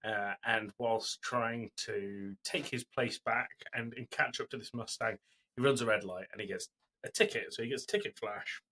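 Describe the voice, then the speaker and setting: A British man co-hosting a podcast recaps a show in casual chat, rambling and using lots of fillers. His mid-range voice is pushed and bright, with fairly even intonation and moderate pace, over slight background noise.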